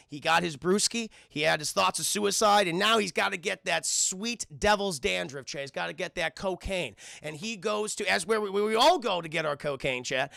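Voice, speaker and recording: A man with a high, heavily gravelly voice tells a film's story on a live stream. He sounds bright and edgy, swears freely and keeps turning to his chat as he goes. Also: no echo, studio quality. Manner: animated, profane, keeps addressing the chat. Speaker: streamer and film reviewer. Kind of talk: casual live-stream film recap.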